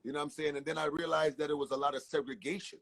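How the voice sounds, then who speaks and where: Husky guy from the caribbean, casual interview talk, keeps restarting words. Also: a little high, fairly even intonation, rapid-fire, a bit bright, low-quality recording. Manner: repeats words and restarts, talks emphatically. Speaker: interview guest.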